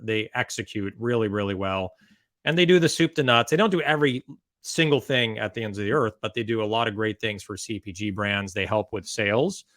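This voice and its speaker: A man's voice: lowish voice, fairly bright tone, no echo. A man hosting a podcast, chatting casually with guests and reading sponsor notes with joking asides. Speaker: podcast host.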